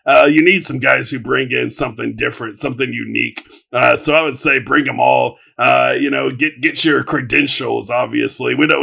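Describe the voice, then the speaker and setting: A man's voice: medium pitch, vocal fry, pushed and bright, slightly rough. A man on a sports talk panel, hesitant and full of filler words.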